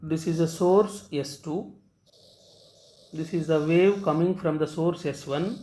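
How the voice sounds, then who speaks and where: A man teaching physics, explaining step by step and pausing on "uh" before key terms. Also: a little high, steady tone, mellow. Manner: halting, frequent "uh" before key terms, repeats phrases. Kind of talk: recorded physics lecture at a board. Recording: echoey room.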